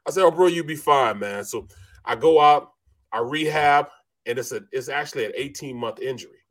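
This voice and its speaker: Peppering his tale with "bro" and "man," a middle-aged co-host who once played NFL line spins an easygoing sports story. He voices the other people involved, speaking at a medium pitch and a little fast.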